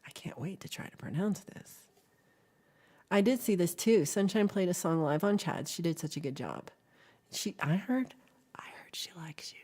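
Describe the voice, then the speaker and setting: Low, mellow-voiced woman hosting a chatty livestream. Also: lively intonation, normal speed. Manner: playful, giggly, drops into whispers. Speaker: livestream host. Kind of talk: casual livestream chat.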